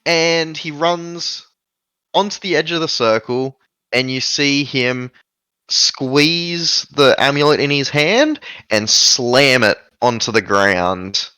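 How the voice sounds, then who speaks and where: Man, game master, tabletop narration, smooth crisp voice, dry close sound. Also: mid-range voice, slow, bright, forceful tone, dry recording. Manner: descriptive, with frequent "um" fillers.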